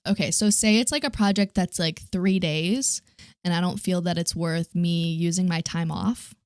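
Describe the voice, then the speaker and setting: A woman's voice: lowish voice, moderate pace, darkish tone, clean tone, no room sound. Chatty woman guest with a dry close sound. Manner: casual, heavy use of "like". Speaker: guest, actor. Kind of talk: casual chat. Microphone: studio microphone, close.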